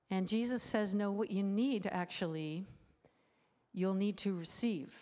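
A woman pastor giving a conversational sermon in a church. She talks in a lively way, asking the congregation many rhetorical questions. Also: mid-range voice, unhurried. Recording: long hall reverb.

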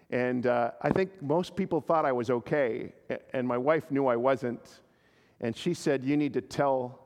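A man preaching a sermon as a pastor, earnest and halting, often repeating his words as he goes. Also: medium pitch, big-room sound. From Canada.

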